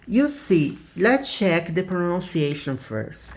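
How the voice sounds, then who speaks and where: A man with a Brazilian accent, a native Portuguese speaker, explaining an English grammar lesson as a teacher in a deliberate way, checking in often with "okay?". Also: a little high.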